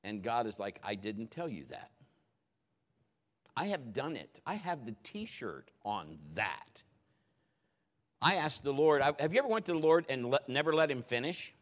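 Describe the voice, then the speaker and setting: A man preaching a sermon, telling stories in a jokey, animated way. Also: mid-range voice, moderate pace.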